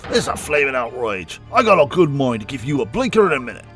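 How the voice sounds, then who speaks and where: A man voicing blustering, indignant gentlemen witnesses in a video game, loud and spluttering. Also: medium pitch, big pitch swings, quick pace, faint music behind. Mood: outraged.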